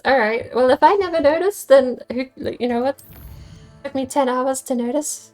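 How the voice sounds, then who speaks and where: A woman's voice: high-pitched, normal speed, darkish tone, soft background music. A woman streamer casually talking through a video game, wry and self-mocking, thinking aloud. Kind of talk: casual gaming livestream commentary.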